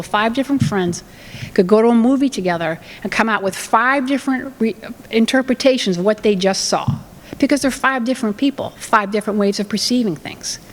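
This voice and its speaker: A woman's voice: on the high side, a little hiss or hum. Woman presenter in a reverberant hall. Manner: conversational, acts out parent and child quotes. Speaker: family communication presenter. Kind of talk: presentation with acted examples.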